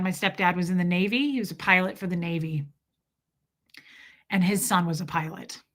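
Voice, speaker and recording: A woman in her thirties telling an emotional personal story about her family, speaking haltingly with restarts. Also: medium pitch, sharp tone. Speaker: vlogger.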